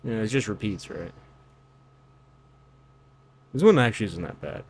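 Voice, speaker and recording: A man's voice: on the low side, big pitch swings, unhurried, darkish tone, husky. A man giving reaction commentary on song lyrics, incredulous and lecturing, with loose fillers and restarts. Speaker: online commentator.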